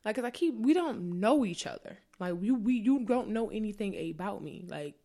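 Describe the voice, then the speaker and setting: A woman's voice: medium pitch, normal speed. A woman co-hosting a casual chat, telling dating stories with lots of profanity and acting out the other people's lines. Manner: animated, profane, acts out quotes in a raised voice.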